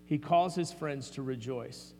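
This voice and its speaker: Conversational pastor in a reverberant hall. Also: male voice, medium pitch, measured pace, dark tone, faint music behind. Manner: conversational, with frequent fillers and restarts. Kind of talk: sermon.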